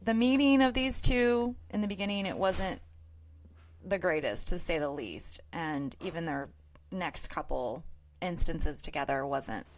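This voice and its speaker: An American woman co-hosting a casual movie-review podcast, relaxed and a little hesitant. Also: on the low side, a little slow, slight background noise. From United States. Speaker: podcast co-host.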